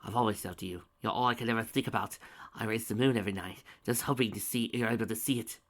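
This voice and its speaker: A man's voice: lowish voice, quick pace, fairly bright tone. A man voicing an obsessive, unhinged female pony princess who cackles and pleads for love. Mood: pleading. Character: obsessive lovestruck female alicorn princess villain.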